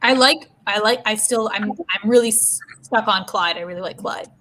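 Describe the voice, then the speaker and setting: Bright-voiced chatty woman host. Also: mid-range voice, normal speed, a little hiss or hum, poor audio. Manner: chatty, animated storyteller. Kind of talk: casual group video chat.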